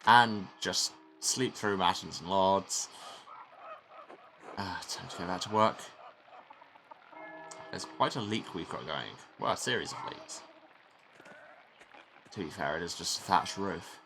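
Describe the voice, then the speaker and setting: A man's voice: low-pitched, animated, a little slow, vocal fry, long pauses, background noise. A man hosting a let's play, giving wry, muttered asides about the game as he plays. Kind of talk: game commentary.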